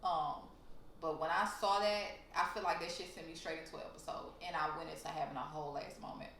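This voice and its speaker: A young woman with a slightly low voice retells a story in blunt, profane, heated bursts. The sound is roomy and echoey. There is a faint noise underneath. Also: fairly even intonation, fairly quick, a bit bright. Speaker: storytime vlogger. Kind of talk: casual storytelling to camera. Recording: roomy echo.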